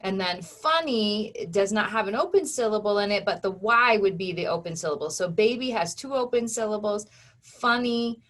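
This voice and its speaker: A woman teaching an online phonics lesson to children, patient and slow on the example words. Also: mid-range voice, animated, a bit bright.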